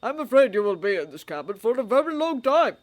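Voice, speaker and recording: A woman voicing an old male headmaster wizard who speaks in a pleasant, measured, dryly humorous way. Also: a little high, sing-song, voice pushed up. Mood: wry.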